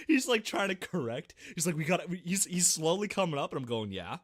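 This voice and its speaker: Man, podcast co-host, swears a lot, very lively pitch, dry sound. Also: fairly quick, no room sound. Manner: animated storytelling, swears constantly. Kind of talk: casual gaming podcast chat.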